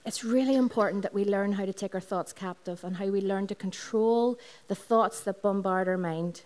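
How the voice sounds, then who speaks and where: Northern Irish woman, lead pastor, mid-pitched, preaching a Sunday sermon in a school hall, story-driven and repetitive. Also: normal speed, a little mellow. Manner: personal storytelling with repeated phrases, talks to the congregation.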